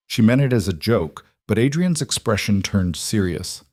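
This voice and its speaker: Casual: guy narrating a story, lowish voice, steady read, dry mic. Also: moderate pace, hardly any pauses, no echo.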